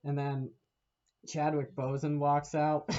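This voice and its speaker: Man, casual movie rant, rambling and swearing, laughs a lot, a bit high-pitched, dull lo-fi sound. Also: flat delivery, slow pace, a little mellow. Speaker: vlogger.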